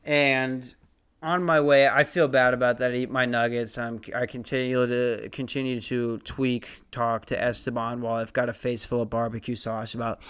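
A young man in his twenties spins a long, rambling comic story on his podcast, swearing freely and mocking himself. His voice is smooth and resonant, pitched in a middle range for a man. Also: level tone, normal speed, a bit bright. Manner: rambling, profane, self-mocking. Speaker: podcast host.

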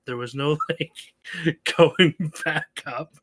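Deadpan guy cohost, dark jokes, dry close sound. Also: fairly high pitch, slow, dry recording. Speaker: podcast co-host. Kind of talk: casual chat.

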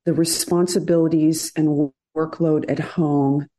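A middle-aged woman surgeon, a podcast guest, explaining in an earnest, measured way with hesitant fillers. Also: sits low, little pitch movement, mellow.

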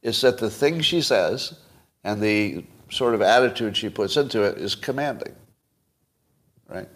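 A man's voice: fairly low pitch, animated, unhurried, fairly bright tone. Wry chuckling older man hosting. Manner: wry, chuckling, quizzes his audience. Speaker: podcast host. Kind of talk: casual solo commentary livestream.

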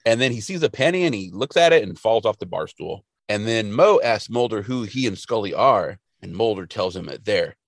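A man's voice: on the low side, a little fast, vocal fry, few pauses, dry recording. A man co-hosting a podcast, retelling an episode casually and acting out the quotes. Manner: animated storytelling, acting out quotes. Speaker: podcast co-host.

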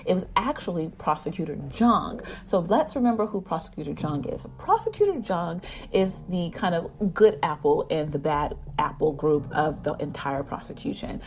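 A woman giving a casual, animated episode recap. She rambles with many fillers and keeps acting out the characters' lines. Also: fairly low pitch, normal speed. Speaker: drama recap vlogger.

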